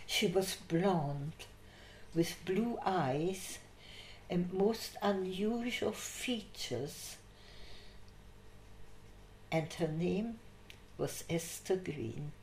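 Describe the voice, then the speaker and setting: An older woman shares memories in an unhurried, lower-pitched voice, laughing as she tells her anecdotes. The recording has a noticeable room echo around her. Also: slight background noise. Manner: lively anecdotal, laughs through her stories. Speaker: interviewee. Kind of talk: oral history storytelling. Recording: echoey room.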